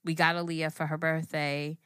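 A woman's voice: deep voice, flat delivery, normal speed, fairly bright tone, clean tone, no echo. A young woman co-hosting a podcast, chatting in a laid-back way about things she has tried. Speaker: podcast co-host. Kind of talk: casual chat.

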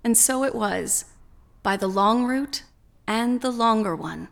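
A woman narrating a scripted story in a slow, measured way. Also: a little high, gravelly.

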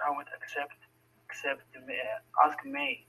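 A man, speaking halting, broken as an upset caller on a voice chat. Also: on the high side, very animated, noisy background. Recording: tinny voice-chat line.

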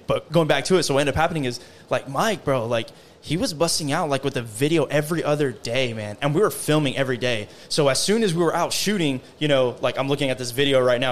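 A young man chatting casually on a podcast, rambling through his stories. He keeps dropping "bro" and "man" as he goes, in a relaxed, mid-pitched voice. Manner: loose, rambling storytelling full of "bro" and "man". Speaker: guest creator.

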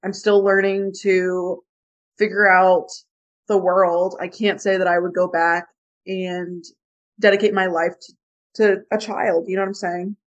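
A woman in her twenties co-hosts a podcast and speaks bluntly, in quick frank bursts. Her voice sits a little low. The audio is dull and lo-fi. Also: flat delivery. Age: 20s. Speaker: podcast co-host. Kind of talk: candid personal podcast chat. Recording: dull lo-fi sound.

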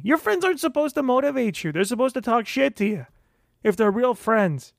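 A high-voiced man rants into the mic on his own podcast, swearing freely and stumbling over repeated words as he works himself up. The sound is close and dry, with no room echo at all. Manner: profane, fired-up self-motivating rant; repeats and restarts words when worked up. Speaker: podcast host. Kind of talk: solo podcast monologue.

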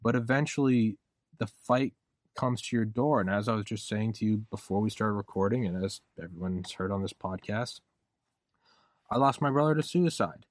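A man's voice: fairly low pitch, moderate pace, no echo, studio quality. A man hosting a podcast in casual conversation, rambling and acting out quoted voices as he talks. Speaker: podcast host.

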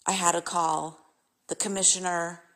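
A woman's voice: on the low side, little pitch movement, normal speed, a bit bright. A middle-aged woman from California hosting a podcast, venting her frustration in an emphatic, exasperated rant. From California, United States. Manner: exasperated, emphatic, repetitive complaints. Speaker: podcast host.

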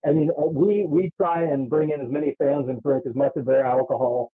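A man's voice: on the high side, fairly even intonation, fairly quick. Hesitant man on a tinny phone line. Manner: hesitant, repeats words. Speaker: wrestling promoter guest. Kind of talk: phone-in interview.

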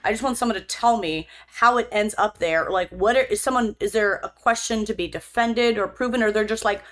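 A woman's voice: mid-range voice, a little fast. A young woman co-hosting a podcast, chatting casually in a wry, rambling, self-deprecating way with casual swearing. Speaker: podcast co-host. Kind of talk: casual chat.

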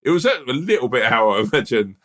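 Fast-talking man telling funny stories. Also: medium pitch. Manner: animated storytelling, laughs often, acts out bits of dialogue. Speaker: podcast co-host. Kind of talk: casual chat.

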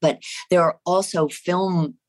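A middle-aged actress with a slight New Jersey accent, talking warmly and effusively as an interview guest, rambling and restarting her sentences. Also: lowish voice, steady tone, slow pace. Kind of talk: casual interview chat.

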